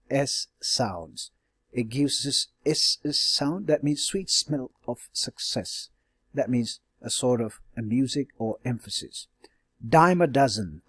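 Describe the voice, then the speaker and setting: A man's voice: mid-range voice, dry recording. A male teacher giving a classroom lecture, explaining step by step with many fillers and frequent checks like "all right?". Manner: hesitant fillers and self-corrections. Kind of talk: classroom lecture on stylistic devices.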